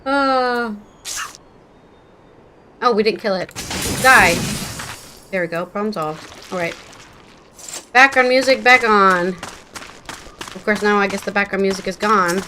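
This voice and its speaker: A woman's voice: mid-range voice, takes it slowly, pauses often, bright, forceful tone, slight background noise. A woman streaming a game, chatting casually, swearing and laughing freely. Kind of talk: casual live-stream commentary. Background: game music.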